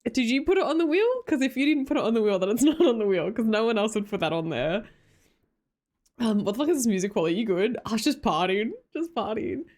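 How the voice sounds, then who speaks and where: Aussie girl streaming, chatty and giggly, bouncy high-ish voice. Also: animated, fast, a little mellow. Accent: Australian. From Australia. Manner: chatty, laughs often, greets viewers by name. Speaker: live streamer. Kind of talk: casual live-stream chat.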